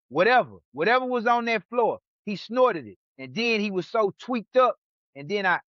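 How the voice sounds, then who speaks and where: A man from New York hosting a podcast, telling stories in a casual, animated way and acting out what other people said. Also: high voice, no echo. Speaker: podcast host. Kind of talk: casual storytelling chat. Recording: dull lo-fi sound.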